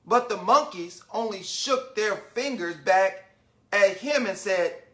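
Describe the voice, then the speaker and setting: A man reading a children's storybook aloud online, with animated, chatty asides to young listeners. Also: sits high, slow pace. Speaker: children's book reader, literacy founder. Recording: roomy echo.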